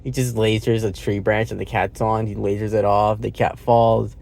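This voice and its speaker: A man's voice: fairly low pitch, flat delivery, normal speed, gravelly, darkish tone. A man talking through a movie in a loose, rambling way from inside a car. He uses lots of fillers, swears casually, and laughs at his own retelling. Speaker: movie reviewer. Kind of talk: casual spoken movie review.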